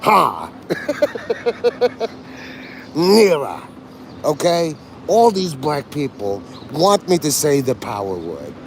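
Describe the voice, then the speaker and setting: A man's voice: on the high side, very animated, takes it slowly, pauses often, darkish tone, a little hiss or hum. A man livestreaming outdoors in a city, rambling and joking and laughing at his own jokes. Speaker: live streamer. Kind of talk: casual rambling livestream chat.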